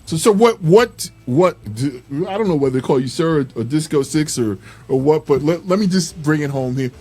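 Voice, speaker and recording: A man hosting a casual interview, friendly and quick with short affirmations for his guest. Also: on the high side, expressive, darkish tone, breathy edge. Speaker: interview host.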